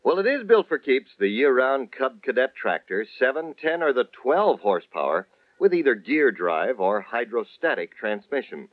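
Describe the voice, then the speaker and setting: Lively male radio announcer, tinny. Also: medium pitch, moderate pace, no room sound, soft background music. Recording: dry, tinny old radio broadcast.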